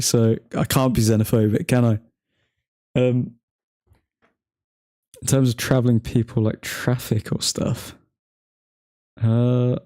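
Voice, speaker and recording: A man's voice: mid-range voice, dark tone, no room sound, clean studio sound. Laid-back young man bantering with chat. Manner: joking banter, laughs often, talks to chat by name. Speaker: livestream host reading chat. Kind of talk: casual chat over a football watchalong.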